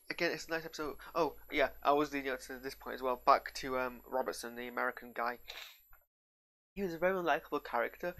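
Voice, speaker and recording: A man's voice: mid-range voice, vocal fry, bright, forceful tone. A man with a northern English accent giving a casual, rambling reaction to a TV episode, often drifting off on tangents and losing his thread. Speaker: show reviewer.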